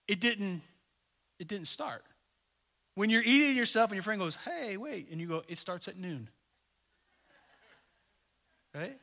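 Man, pastor, sermon, high voice, casual and joking, sudden soft drops. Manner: conversational, jokes with the congregation, sudden drops to a soft voice.

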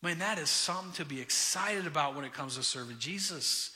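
A man's voice: fairly high pitch, lively intonation, brisk, bright, forceful tone, big-room sound. A man preaching a sermon, telling personal stories and addressing the congregation directly. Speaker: pastor.

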